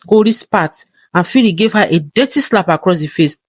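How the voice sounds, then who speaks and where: A synthetic-sounding narrator reading a folktale in an even, steady storybook manner. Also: mid-range voice, normal speed, dry recording.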